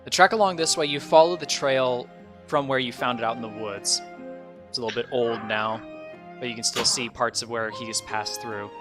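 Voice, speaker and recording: A man's voice: medium pitch, normal speed, music in the background. A young man running a tabletop game as dungeon master, narrating in a casual, rambling way and swearing freely.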